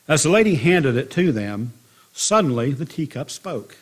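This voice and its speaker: A man's voice: on the high side, very animated, moderate pace, husky. A man preaching a sermon as a pastor, telling a story with emphasis.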